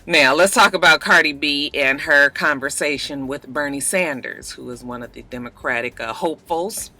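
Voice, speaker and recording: A woman's voice: sits low, normal speed, pushed and bright. A woman hosting a casual chat vlog, talking bluntly with sassy asides and a slightly thick mouth from a dental retainer. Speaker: vlog host. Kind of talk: casual chat about celebrity news.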